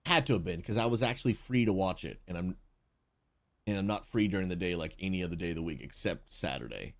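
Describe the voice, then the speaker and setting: A man who is a pastor and streamer, chatting casually and excitedly as he reacts to game footage and thanks viewers, calling them bro and dude. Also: low voice, quick pace. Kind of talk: casual livestream reaction chat.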